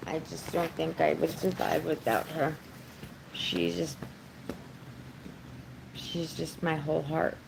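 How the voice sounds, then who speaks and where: Slow gravelly woman chatting casually. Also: deep voice, flat delivery, noisy background. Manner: chatty, dotes on her dog. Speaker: vlogger. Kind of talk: casual livestream chat. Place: at home during a hurricane.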